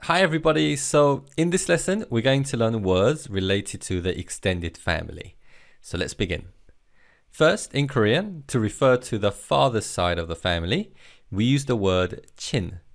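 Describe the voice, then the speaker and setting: A man teaching a Korean vocabulary lesson, speaking slowly and clearly and leading listen-and-repeat drills in an encouraging way. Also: medium pitch, animated.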